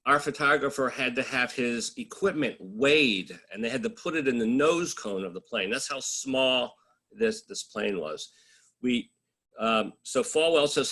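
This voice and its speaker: A man with a bright, forward voice recounts anecdotes from his years as a reporter. He talks casually and wryly, stopping and restarting often as the stories come to him. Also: medium pitch. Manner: anecdotal, wry, with frequent fillers and restarts. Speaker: journalist telling stories. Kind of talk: casual storytelling talk.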